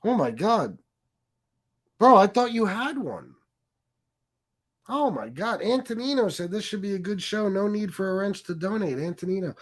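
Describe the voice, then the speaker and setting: Male streamer host, lively pitch, profane angry rant, casual. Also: normal speed. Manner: angry, profane and mocking, with many fillers. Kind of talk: ranting live stream commentary.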